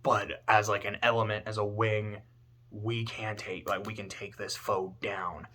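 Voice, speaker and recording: A man talking casually about a story, animated and swearing, swinging between loud outbursts and low muttering. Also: unhurried. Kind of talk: casual spoken commentary.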